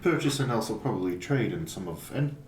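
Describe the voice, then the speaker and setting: A man's voice: fairly low pitch, animated, a little fast, darkish tone, a little hiss or hum. A man playing a tabletop game in character, talking politely and hesitantly with many restarts. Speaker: player. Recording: roomy sound from a distant mic, music behind.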